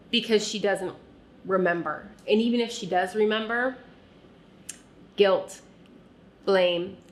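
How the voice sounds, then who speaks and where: A woman speaking to the listener as "you" about her own past. She talks earnestly and softly and often drops to a quiet tone. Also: medium pitch. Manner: earnest, soft and unhurried, often dropping quiet. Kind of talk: reflective second-person personal narration.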